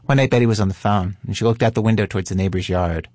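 A man hosting a podcast who narrates calmly and asks curious follow-up questions. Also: fairly low pitch, very fast, dry recording, clean studio sound. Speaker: podcast host and interviewer. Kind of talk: narration and interview.

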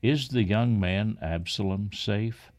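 A man voicing a grieving aged king in a scripture reading, lamenting in a slow, plaintive way. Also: on the low side, a little mellow. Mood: stately.

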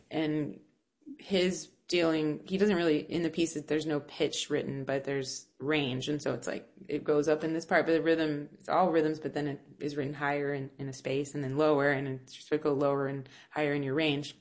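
A woman with a low voice talks through her ideas in a relaxed interview. She often stops and restarts, reaching for the right words, and laughs now and then. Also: moderate pace. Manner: thoughtful, searching for words with many restarts and fillers. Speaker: music teacher and composer. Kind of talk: casual interview answers.

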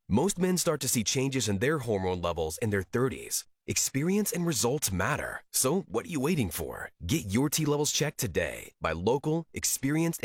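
A man reading a scripted radio commercial in a persuasive, upbeat sales pitch. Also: no room sound, clean studio sound. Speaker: commercial announcer.

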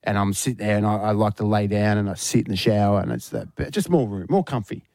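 A man's voice: lowish voice, fast, dark tone, no room sound, clean studio sound. A middle-aged Australian man hosting breakfast radio, telling stories in a laid-back way and acting out what people said. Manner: laid-back storytelling, acts out quotes, frequent laughs. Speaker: radio host. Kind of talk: casual breakfast radio banter. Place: radio studio. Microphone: studio microphone.

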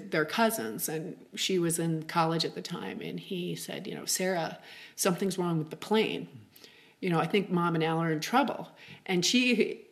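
Middle-aged woman, low voice, halting and chatty, full of fillers, telling her own story. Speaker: interview guest. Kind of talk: personal storytelling.

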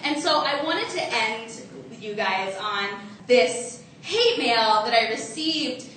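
A woman's voice: a little high, big pitch swings, slow, a bit bright, very echoey, recorded from a distance, slight background noise. A woman in her twenties doing a self-mocking stand-up comedy set. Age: 20s.

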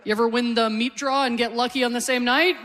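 A woman's voice: fairly high pitch, fairly even intonation, quick pace, a bit bright, a little hiss or hum. A Canadian woman in her forties doing a stand-up comedy set on stage, telling self-deprecating jokes in a conversational way. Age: 40s. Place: comedy stage with a live audience.

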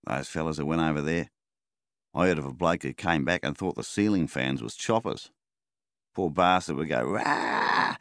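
A man voicing a jovial older father spinning a yarn over drinks in a storybook reading, hearty and quick. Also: rumbling low, no echo, clean studio sound, voice pushed up.

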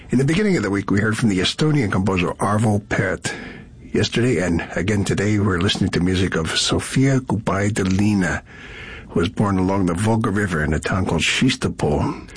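A man hosting a classical music radio program, explaining pieces in a measured, scripted manner. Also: sits low, husky.

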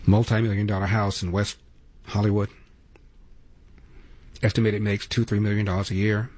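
A man's voice: on the low side, level tone, moderate pace, a little mellow, husky. A male radio talk show host giving opinionated, sarcastic political commentary and taking calls.

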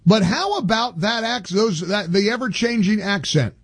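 Male radio host, slightly high voice, indignant and emphatic, studio monologue. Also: sing-song, normal speed, breathy edge, dry recording. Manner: indignant, emphatic, with many restarts. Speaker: radio talk show host. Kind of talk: opinionated talk radio monologue.

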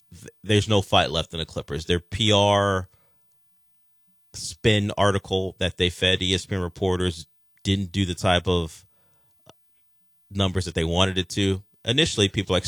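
A man's voice: low voice, fairly bright tone, dry recording, clean studio sound. A man hosting a sports talk show, chatting casually about league news with wry, sarcastic asides. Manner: conversational, with frequent fillers and restarts.

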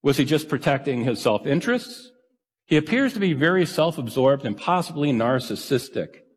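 A man's voice: mid-range voice, expressive, normal speed, slightly rough. A male pastor giving a sermon in an earnest, conversational, self-deprecating way. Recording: reverberant church hall.

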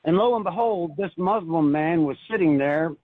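A man calling in to a radio show and telling a personal story in an earnest, halting way, with many restarts. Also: a little high, breathy edge, dry recording. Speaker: caller. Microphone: phone. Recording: tinny phone line.

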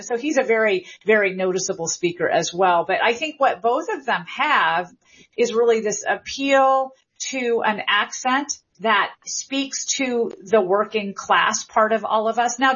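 A middle-aged woman from the American South speaks in a slightly husky, breathy voice. She talks reflectively about how people speak, drawing out her phrasing. The audio is muffled and lo-fi. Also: medium pitch, a bit bright. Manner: thoughtful, reflective, drawn-out phrasing. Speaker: guest linguist. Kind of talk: explanatory conversation.

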